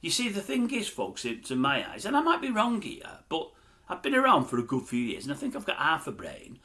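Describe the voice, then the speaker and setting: Older man, blunt grumbling monologue, lively up-and-down delivery. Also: on the high side, fairly quick. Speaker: YouTube commentator. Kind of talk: opinionated rant to camera.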